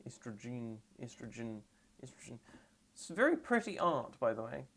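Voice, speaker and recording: A trans woman streaming live and reacting to memes, rambling and sarcastic with deadpan asides, and tired. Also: rumbling low, normal speed, creaky, slight background noise.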